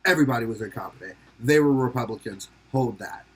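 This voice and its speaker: A man's voice: mid-range voice, fast, slightly rough. Young man, podcast host, casual joking commentary, rambling, swears, laughs often. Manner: slips into silly put-on voices for quotes.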